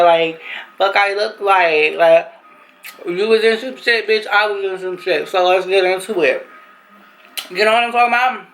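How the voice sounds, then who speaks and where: A woman's voice: on the low side, rough recording. Young woman telling a brash, slangy story. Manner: animated, slangy, profane storytelling. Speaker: vlogger. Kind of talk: storytime vlog.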